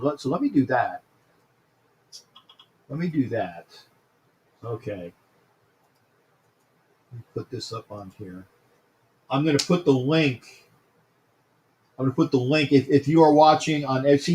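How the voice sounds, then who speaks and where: A man hosting a casual sports talk livestream, greeting viewers by name and often repeating himself. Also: fairly high pitch.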